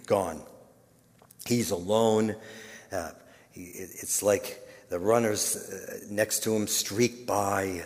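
A male pastor telling a story in a sermon, dropping to a hush and then building to loud, dramatic peaks. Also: fairly low pitch. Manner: dramatic, swinging from hushed to loud. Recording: long reverb of a large hall.

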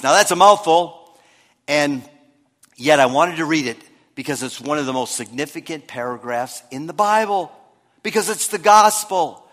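A man delivering a lively sermon in a fairly high voice. He swings from loud emphasis to hushed asides, and his words ring out with a long reverb in a church hall. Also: normal speed. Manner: lively preaching, shifts between loud and hushed. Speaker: pastor.

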